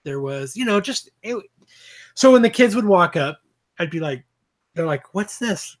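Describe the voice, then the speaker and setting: A man's voice: high-pitched, animated, normal speed. A man co-hosting a podcast, telling a story in casual, profanity-laced chat. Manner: swears freely while telling stories. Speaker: podcast co-host.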